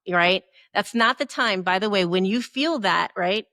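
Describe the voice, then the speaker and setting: A woman's voice: medium pitch, measured pace, bright, forceful tone, dry recording, clean studio sound. A middle-aged woman co-hosting a podcast, giving earnest motivational advice and often checking in with "right?". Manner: earnest, frequent "right?" tag questions. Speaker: podcast co-host.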